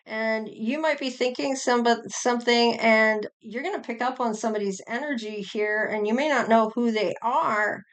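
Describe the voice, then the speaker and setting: A woman's voice: a little high, normal speed, few pauses. A middle-aged woman giving a casual tarot reading, chatty and rambling, with sighs and small laughs. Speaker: tarot reader.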